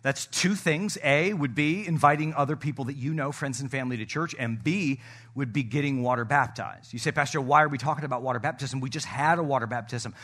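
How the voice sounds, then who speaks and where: A middle-aged male pastor delivers a sermon at a brisk pace in a mid-range voice. He jokes with the congregation, swinging from loud shouting to soft asides.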